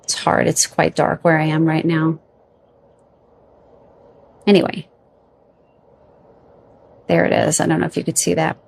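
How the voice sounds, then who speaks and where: A woman giving a pick-a-card psychic reading to camera, feeling her way through names with hesitations and gently reassuring her viewers. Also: low-pitched, completely flat delivery, measured pace, vocal fry, pauses often, a little hiss or hum. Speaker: tarot card reader.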